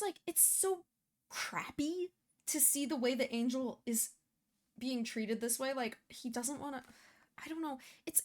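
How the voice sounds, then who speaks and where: A woman hosting a reaction video, talking casually and emotionally, with many fillers and restarts. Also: sits high.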